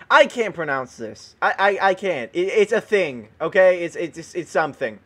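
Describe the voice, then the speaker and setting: A man hosting gameplay commentary, excitable and dramatic, often yelping and exclaiming with joking mock outrage. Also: sits high, moderate pace, slight background noise. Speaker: gaming video host.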